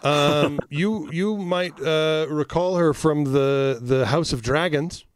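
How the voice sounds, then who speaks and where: A man co-hosting a podcast in casual chat, speaking emphatically with profanity and fast excited bursts. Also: on the high side, clear, resonant tone, no echo. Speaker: podcast co-host.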